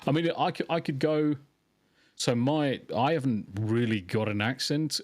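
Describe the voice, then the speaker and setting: A man's voice: mid-range voice, normal speed, darkish tone, no echo. A man from England with a mixed English accent, a guest chatting casually on a podcast and telling stories animatedly.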